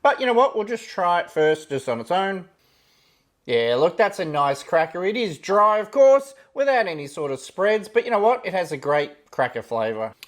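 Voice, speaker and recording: With a voice that sits high, a man offers easygoing commentary on ration food as he tastes it. Thinking aloud, he regularly opens with "yeah, look" and stops on fillers.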